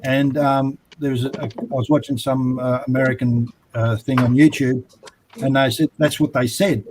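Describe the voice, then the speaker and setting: A man's voice: medium pitch, flat delivery, normal speed, noisy background. An Australian man hosting a casual chat about comics, rambling and laid-back with plenty of fillers. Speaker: host.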